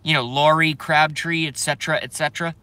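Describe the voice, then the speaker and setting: Bright-voiced, profane male streamer. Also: on the high side, steady tone, smooth, dry recording. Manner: rambling and profane, laughs often; self-interrupting, drawn-out filler sounds. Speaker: live streamer. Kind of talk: casual live-stream chat, reading chat aloud.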